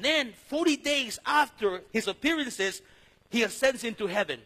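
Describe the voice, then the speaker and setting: A pastor, preaching a storytelling sermon that swings between loud and hushed. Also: male voice, high-pitched, sing-song, moderate pace, poor audio. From East Los Angeles.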